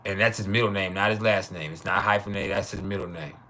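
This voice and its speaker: Livestream host, male, 30s, loose joking delivery with lots of laughs, bright and forceful. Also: deep voice, fairly even intonation, a little hiss or hum. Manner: loose, joking, laughs often, drawn-out names. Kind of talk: casual live chat with viewers.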